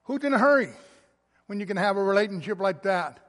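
A man preaching a sermon as a pastor, slow and emphatic, swelling loud and then dropping soft. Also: high-pitched, lively intonation, long reverb tail.

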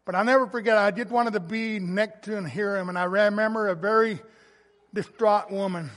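A man preaching a sermon as a pastor, slow and emphatic, swelling loud and then dropping soft. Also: high voice, in a large hall.

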